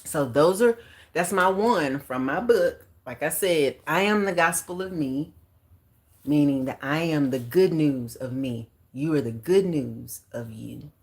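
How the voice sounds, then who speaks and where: A woman in her forties hosting a casual livestream, chatting in a lively, animated way with slang and sharing affirmations. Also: low-pitched, a little slow. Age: 40s. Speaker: livestream host and author.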